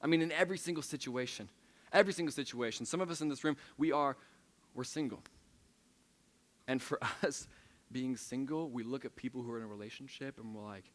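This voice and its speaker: A man's voice: medium pitch, fairly quick. A young adult man preaching a sermon to a room of listeners in a casual, self-mocking, storytelling manner, often restarting his sentences. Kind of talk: conversational sermon. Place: church service in a room of listeners.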